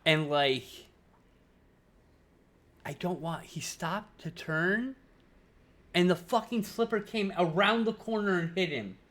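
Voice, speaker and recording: A woman's voice: lowish voice, lively intonation, slow pace, pauses often, fairly bright tone. A woman in her thirties chatting casually on a live stream, reading chat messages aloud, telling stories and swearing freely. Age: 30s.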